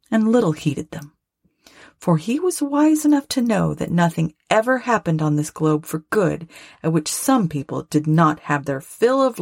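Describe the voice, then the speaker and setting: A woman narrating a classic story aloud with expressive, lively phrasing. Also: on the low side, creaky, slightly rough, no room sound, studio quality. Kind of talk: storybook reading.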